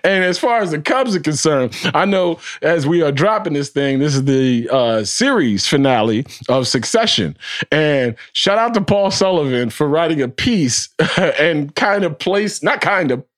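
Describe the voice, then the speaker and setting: A young man hosting a podcast in casual chat, joking and animated, with lots of laughter and repeated words. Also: a little high, a little slow. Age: young adult. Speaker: podcast host. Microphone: close studio mic.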